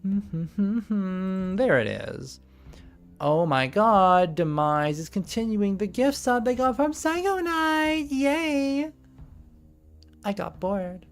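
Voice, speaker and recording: Young male game master streaming, put-on valley girl voice, very lively pitch, faint music under him. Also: drawn-out words. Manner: joking, swearing, laughing often, in a put-on valley girl voice. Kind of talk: running a tabletop game on a live stream.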